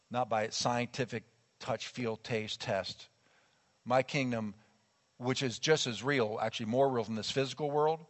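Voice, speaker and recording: A male pastor preaching a sermon in a lively, conversational way, acting out quotes as he goes. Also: mid-range voice. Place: church sanctuary. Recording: long church hall reverb.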